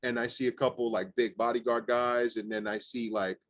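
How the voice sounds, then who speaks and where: Young male rapper guest, animated and profane, lots of fillers, dry close mic. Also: medium pitch, fairly quick, no room sound. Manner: animated, swearing, many "like" fillers. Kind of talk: casual storytelling interview.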